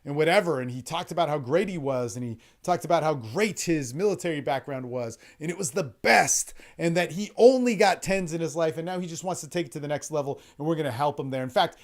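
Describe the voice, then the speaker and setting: A man coaching other men, telling a blunt and profane story in a casual monologue recorded on an online call. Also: on the high side. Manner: blunt, profane, animated, quick-talking storyteller with many restarts. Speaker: dating and men's development coach.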